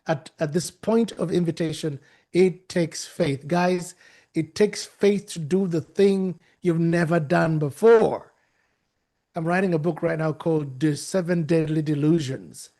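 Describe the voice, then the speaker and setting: A man's voice: on the high side, a little mellow. A man giving an emphatic, preacherly motivational talk to young people, often restarting and repeating words. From Uganda. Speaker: guest speaker and author.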